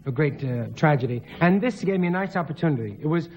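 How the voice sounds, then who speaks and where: Brief: high-voiced male guest, giggly raconteur, acts out shouting relatives. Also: lively intonation, fast, lo-fi sound, a little hiss or hum. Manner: giggly, acts out quoted family members in loud voices. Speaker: talk show guest. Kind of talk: anecdotal chat.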